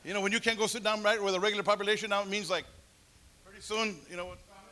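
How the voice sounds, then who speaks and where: A man preaching a testimony, telling his story and acting out the people in it, at times rising to shouts. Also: sits high, steady tone, very fast. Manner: storytelling, acts out voices, builds to shouts. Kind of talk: sermon testimony.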